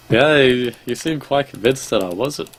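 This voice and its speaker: A man's voice: mid-range voice, vocal fry, slight background noise. A young Australian man streaming a game, chatting casually with viewers in a laid-back way and swearing now and then. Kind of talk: casual gameplay chat with viewers.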